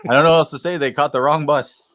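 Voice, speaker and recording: A man's voice: on the high side, steady tone, fast talker, a bit bright, no room sound. A man co-hosting a podcast, chatting casually with rambling, profane jokes. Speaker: podcast co-host. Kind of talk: casual comedic chat.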